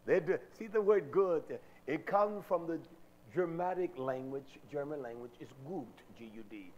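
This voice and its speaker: An older man preaching a sermon, animated and acting out the voices of people he quotes. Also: a little high, moderate pace, dull audio, slight background noise.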